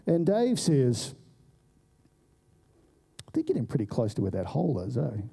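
A man's voice: mid-range voice, measured pace, gravelly, slightly rough. A man telling a story in a sermon, acting out the voices of the people in it. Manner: animated storyteller who acts out voices. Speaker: preacher.

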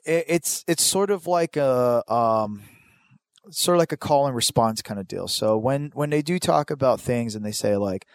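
A man's voice: medium pitch, normal speed, dry recording. Foul-mouthed rambling man. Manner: profane, rambling storytelling. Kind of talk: casual podcast chat.

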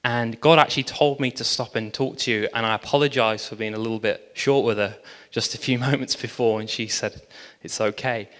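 A man preaching from the front of a church hall, telling his story with lively energy and acting out the voices of the people in it. His voice sits in an ordinary middle pitch for a man. A long reverb from the big room trails after each phrase. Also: a little fast, few pauses. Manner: animated storytelling with quoted dialogue. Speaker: pastor. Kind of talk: sermon storytelling.

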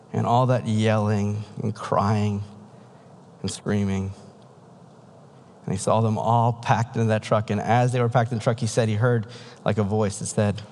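A man's voice: on the low side, darkish tone, slight background noise. A preacher telling a story in a casual, conversational sermon, acting out the voices of the people he quotes. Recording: long hall reverb.

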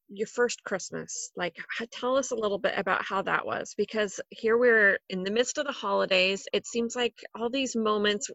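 Gravelly bright-toned woman host. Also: mid-range voice, no echo. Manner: warm, empathetic, rambling questions. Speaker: podcast host. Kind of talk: interview chat. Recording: dry, muffled lo-fi audio.

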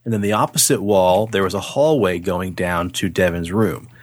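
A man co-hosting a podcast, telling a spooky story in a casual, animated way, swearing freely and acting out the voices. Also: sits low, moderate pace, no room sound.

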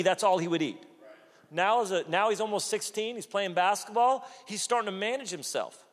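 Male pastor in his 40s, animated storytelling sermon, slightly high voice, long church reverb. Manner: animated storytelling, acts out quotes.

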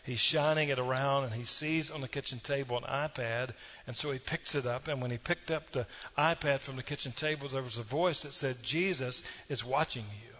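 A man preaching in a church. He talks in a folksy, storytelling way and speaks straight to his listeners with little asides, his pitch sitting in an ordinary middle range. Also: fairly even intonation, fairly quick, few pauses, bright, forceful tone. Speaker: pastor. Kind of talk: sermon.

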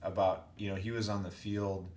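A deep-voiced man spins animated anecdotes as a podcast guest and acts out the people in them. He is recorded on a USB mic in an echoey hotel room with a faint air-conditioner hum behind him. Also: normal speed. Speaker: guest, music professor. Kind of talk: casual storytelling interview. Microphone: USB microphone.

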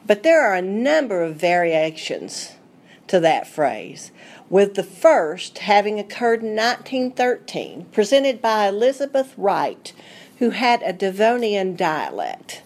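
A woman's voice: medium pitch, big pitch swings, measured pace, darkish tone. A middle-aged woman with a Southern Appalachian accent, a food writer giving a folksy, chatty radio segment.

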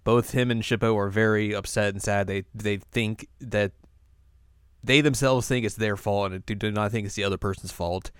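A young man co-hosting a casual podcast, recapping an episode and slipping into quick character voices as he retells scenes. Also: fairly low pitch, fairly even intonation, clean tone, no room sound, studio quality. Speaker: podcast co-host.

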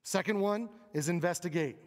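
Pastor preaching easter, kinda high voice, talky and emphatic, long hall echo. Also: male voice, moderate pace. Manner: conversational, emphatic, asks the crowd questions. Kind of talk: Easter sermon. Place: church sanctuary. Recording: long reverb of a large hall.

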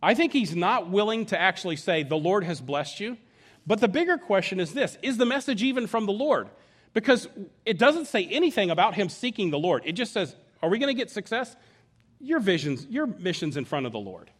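Lively high-voiced man preaching a sermon. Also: brisk. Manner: animated teaching, folksy asides and chuckles. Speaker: pastor.

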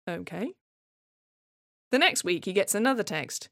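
A woman performing her own scripted dramatic monologue, sardonic and deadpan with frequent swearing. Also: mid-range voice, unhurried, dry recording, clean studio sound. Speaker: playwright performer.

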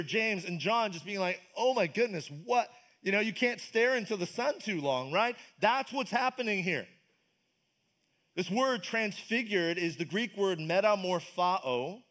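Pastor, male, high-pitched; loose conversational preaching, keeps asking the room questions. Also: a bit bright. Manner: casual, enthusiastic, asks the congregation questions. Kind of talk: conversational sermon. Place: church service.

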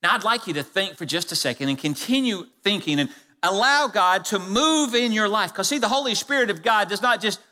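A man preaching a sermon as pastor to his church, stressing key phrases by slowing down and dropping low. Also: animated, pushed and bright. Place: church sanctuary. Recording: long reverb of a church hall.

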